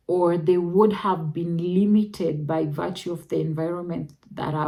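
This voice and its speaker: A young Kenyan woman with a Kenyan accent, telling her own story in a reflective, emotional way that jumps to high exclamations. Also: a little mellow. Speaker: vlogger. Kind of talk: personal storytelling.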